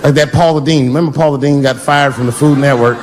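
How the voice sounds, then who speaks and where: Brash profane stand-up comedian over crowd laughter. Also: male voice, mid-range voice, fairly even intonation, darkish tone. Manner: brash, profane, drawn-out punchlines with playful voice shifts. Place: large theater with live audience. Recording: live crowd laughter, background noise. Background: audience laughter and room noise.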